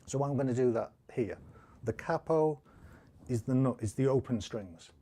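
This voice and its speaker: A man's voice: mid-range voice, normal speed, mellow, slightly rough. A man with a Teesside accent from northeast England, teaching a casual live-streamed guitar lesson, chatting and thinking aloud, with a self-deprecating manner. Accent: Teesside English.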